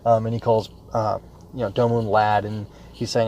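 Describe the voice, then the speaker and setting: A man's voice: lowish voice, little pitch movement, normal speed, a little mellow, dull audio, a little hiss or hum. A man hosting a solo anime review podcast, talking casually and thinking aloud, drifting into tangents with lots of filler words. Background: smooth jazz music playing.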